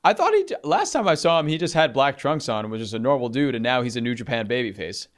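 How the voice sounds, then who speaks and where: A man of middle pitch co-hosts a podcast, with a lively, swinging delivery. He talks casually and swears freely. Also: fast talker. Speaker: podcast co-host.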